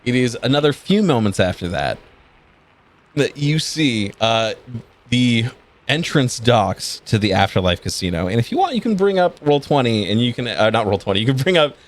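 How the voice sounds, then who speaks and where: A man narrating as game master of a tabletop game, describing scenes in a relaxed way with frequent ums and uhs. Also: mid-range voice, normal speed.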